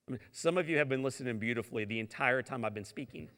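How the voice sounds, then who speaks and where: A middle-aged man from St. Louis giving a motivational keynote, telling his story dramatically and moving between booming lines and near-whispers. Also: racing, hardly any pauses, fairly bright tone. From St. Louis, Missouri. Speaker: keynote speaker. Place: large conference hall. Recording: long hall reverb.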